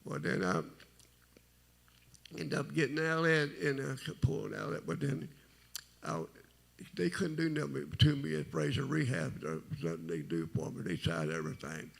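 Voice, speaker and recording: Middle-aged man, deep gravelly and husky, lively pitch, halting folksy church testimony. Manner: rambling, halting, folksy storytelling. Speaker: testimony speaker. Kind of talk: personal testimony at a church service.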